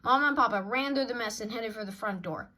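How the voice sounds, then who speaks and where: A woman reading a children's picture book aloud in an expressive way. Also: on the high side, fairly quick. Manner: expressive, sound-effect dings between pages. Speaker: storybook reader.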